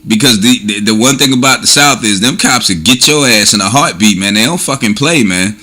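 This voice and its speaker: A man's voice: mid-range voice, lively intonation, brisk, bright, forceful tone. An older man from New York City with a New York accent, giving an emphatic casual monologue full of street slang. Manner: emphatic, street slang, "you know what I'm saying" refrain. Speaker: vlogger.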